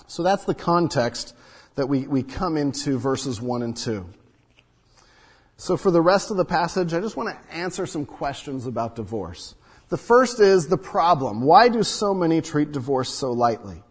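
A pastor delivers a sermon in a slightly higher-than-average, husky voice, speaking at normal speed with big pitch swings. He teaches earnestly and poses rhetorical questions to the congregation, his words ringing with long reverb off the walls of a large church hall.

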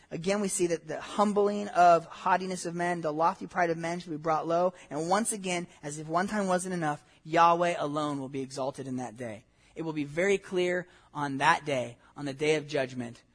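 Married pastor, high-pitched and husky voice, lively conversational sermon with asides. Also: male voice, moderate pace. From Southern California. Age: adult, married with a wife. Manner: animated, conversational preaching with many asides and audience questions. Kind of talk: expository sermon.

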